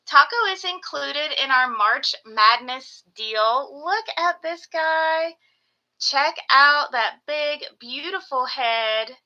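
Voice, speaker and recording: Bright, high-voiced gushing woman. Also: muffled recording. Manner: gushing, baby-talks to her geckos. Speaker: reptile breeder hosting a live sales stream. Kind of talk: casual live stream chat.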